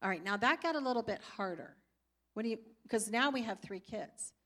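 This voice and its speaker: A woman's voice: fairly high pitch, animated, fairly quick, fairly bright tone. An older woman speaking in church, teaching through personal stories and acting out her own past reactions. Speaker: pastor's wife teaching.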